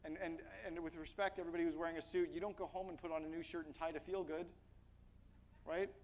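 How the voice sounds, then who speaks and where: A man giving an energetic, blunt business keynote to a live audience, speaking to them directly and asking them questions. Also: on the high side, fast, rough recording.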